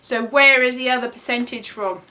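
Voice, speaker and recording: A woman's voice: on the high side, steady tone, moderate pace, bright, forceful tone, slight background noise. A woman from Britain chatting casually to camera as a vlogger, rambling and playful. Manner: chatty, rambling, playful sing-song teasing.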